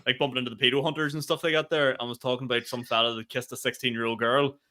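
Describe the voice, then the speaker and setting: A man's voice: mid-range voice, very fast. A young man with a Northern Irish accent, a comedian hosting a podcast, telling swear-laden gig stories in casual chat. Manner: animated storyteller, swears freely.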